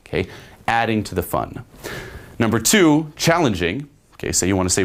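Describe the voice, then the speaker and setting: Young guy coaching on dating, lowish voice, loose and casual, swears a lot, keeps saying okay. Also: very animated, fairly quick. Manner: casual, swears, says "okay?" and "you know" often. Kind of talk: spoken lesson with acted examples.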